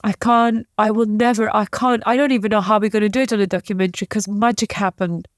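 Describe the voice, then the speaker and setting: In a dry, close recording free of room sound, a woman guest on a podcast tells an emotional story through tears. Her mid-range voice stays fairly even in intonation, though her speech halts and restarts often.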